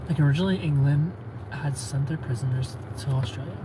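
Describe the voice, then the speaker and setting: A man's voice: mid-range voice, fast, background noise. A tired man chatting casually on a live stream, rambling, joking and greeting viewers by name.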